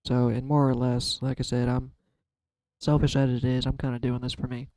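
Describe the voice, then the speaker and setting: Man, vlogger, heartfelt talk to camera, near tears, smooth mellow voice, flat delivery, dry close sound. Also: medium pitch, normal speed, no room sound, low-quality recording. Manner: emotional, searching, trails off and restarts. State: holding back tears. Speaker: YouTube card-reading vlogger.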